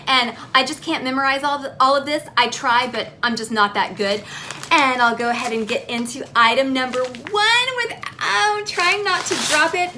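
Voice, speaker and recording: A woman's voice: sits high, bright, forceful tone, a little hiss or hum. A young adult woman hosting a casual haul video, playful and self-mocking, with the odd swear. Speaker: beauty vlogger.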